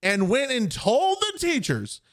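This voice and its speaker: A man's voice: very high voice, huge pitch swings, a little slow, fairly bright tone. A young man co-hosting a podcast, telling a story in casual chat and acting out the people he quotes. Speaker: podcast co-host.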